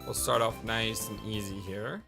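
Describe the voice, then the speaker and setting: A man's voice: on the low side, steady tone, normal speed, vocal fry. A man hosting a let's play, giving upbeat, chatty gameplay commentary and laughing easily. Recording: loud game music behind.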